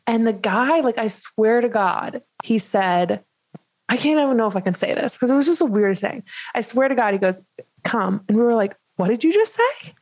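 A woman in her twenties tells a story with lots of "like" fillers. She is animated and laughs as she talks. The close mic is very dry. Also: a little high, normal speed, no room sound, poor audio. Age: 20s. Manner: animated, many "like" fillers, laughs while telling. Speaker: podcast co-host. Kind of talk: casual storytelling chat.

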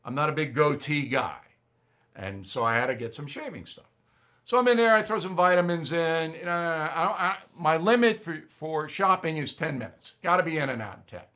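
A man hosting a show, telling an animated, indignant story and acting out both sides of the exchange. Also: a little high, normal speed. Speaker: show host. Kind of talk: animated anecdote monologue.

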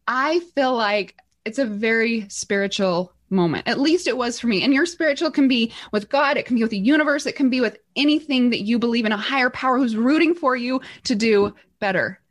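Brief: middle-aged woman, fairly high voice, animated and earnest storyteller, podcast guest. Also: normal speed. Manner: animated, earnest, acts out quotes. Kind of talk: personal storytelling.

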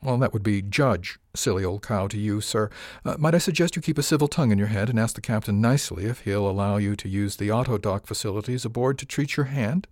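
A man voicing a dignified, dry-witted older woman judge in an audiobook, speaking formally and measured. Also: fairly low pitch, a little mellow, dry recording, lightly acted. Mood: stern.

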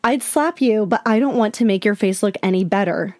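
Woman reading as rude male scam guest, slow, slightly raised, dry recording. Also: mid-range voice, expressive, darkish tone, dry recording, close to an everyday voice. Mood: abusive.

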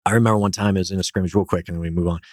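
A man, a company founder, telling energetic stories as a guest in a casual interview. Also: sits low, very fast, no echo, studio quality. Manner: animated, energetic storyteller.

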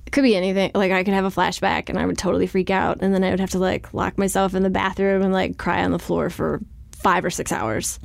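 A woman's voice: fairly low pitch, little pitch movement, fast talker, gravelly, no room sound. A woman author being interviewed, talking frankly and casually with lots of "like". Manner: chatty, frank, fills speech with "like". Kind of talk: candid conversational interview.

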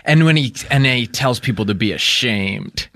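Pria Amerika santai, bercerita bertele-tele sambil bercanda, suara kering dan dekat mikrofon. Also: male voice, mid-range voice, expressive, moderate pace, fairly bright tone, dry recording. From United States. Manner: rambling, joking, acts out impressions. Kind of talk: casual comedic chat.

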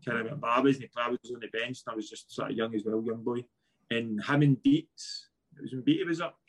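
A man's voice: mid-range voice, fairly even intonation, fairly quick. A man with a Scottish accent, a former footballer, telling stories in a casual podcast chat, swearing freely and laughing as he goes.

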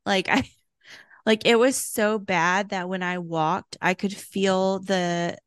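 A woman's voice: lowish voice, steady tone, a little slow, a bit bright, clear, resonant tone, no room sound. Chatty woman, dry close sound. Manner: chatty, laughs often, acts out quoted voices. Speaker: podcast co-host. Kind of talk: casual chat.

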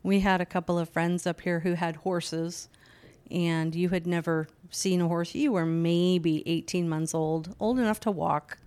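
Slow-talking middle-aged woman. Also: fairly low pitch, steady tone, darkish tone, smooth. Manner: measured, unhurried storytelling. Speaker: guest, host's mother. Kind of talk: casual chat.

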